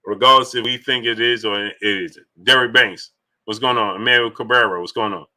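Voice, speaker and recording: Guy hosting a boxing stream, real bright sharp voice, chatty, shouting out viewers. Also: medium pitch, fairly even intonation, a little fast. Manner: greets chat viewers by name, loose and talkative. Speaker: boxing livestream host. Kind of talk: casual livestream chat with viewers.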